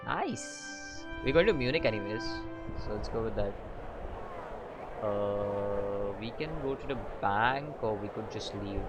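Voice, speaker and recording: A man playing a story game, mixing casual commentary with halting read-aloud of the game's text, often stumbling and restarting. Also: on the low side, over music, low-quality recording. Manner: halting reading with frequent fillers and restarts. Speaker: gaming channel host.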